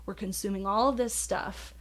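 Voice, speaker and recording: A woman's voice: medium pitch, fairly even intonation, moderate pace, fairly bright tone. A woman in her thirties hosting a podcast, earnest and emotional, with casual swearing. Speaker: podcast host. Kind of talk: casual interview chat.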